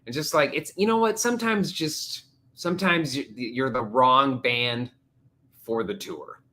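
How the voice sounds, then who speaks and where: A man's voice: mid-range voice, measured pace. A man hosting a casual live stream, joking around and slipping into silly voices. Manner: jokey, animated, slips into silly voices. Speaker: livestream host.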